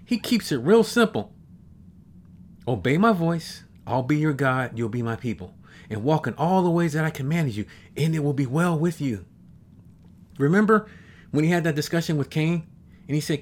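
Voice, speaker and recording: Slow, emphatic preacher man in his fifties. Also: fairly high pitch, lively intonation. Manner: slow, emphatic, repeats verses with exclamations. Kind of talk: sermon with scripture reading.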